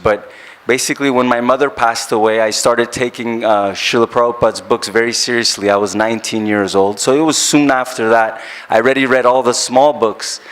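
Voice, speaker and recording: A man's voice: mid-range voice, a bit bright. Earnest man recalling a memory. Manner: earnest, reflective, halting storytelling. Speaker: traveling kirtan singer. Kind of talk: personal reminiscence.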